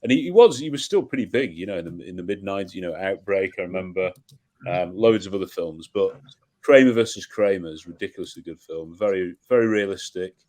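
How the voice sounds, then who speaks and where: Deep-voiced man musing over films. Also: quick pace, darkish tone. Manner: reflective, musing, with restarts. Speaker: podcast guest. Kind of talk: casual film discussion.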